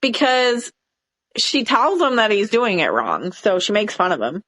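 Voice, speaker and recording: A woman's voice: mid-range voice, wildly swooping pitch, a little slow, fairly bright tone, no echo, rough recording. A woman with a Southern American accent co-hosting a casual podcast, enthusiastic and stumbling over names as she talks. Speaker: podcast co-host. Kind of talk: casual chat.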